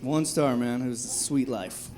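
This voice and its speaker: Onstage at a comedy club with a handheld mic, a young comic delivers a foul-mouthed, chatty set complete with drunk-voice impressions. He speaks at normal speed in a medium-pitched, steady, somewhat dark voice, and a faint crowd can be heard.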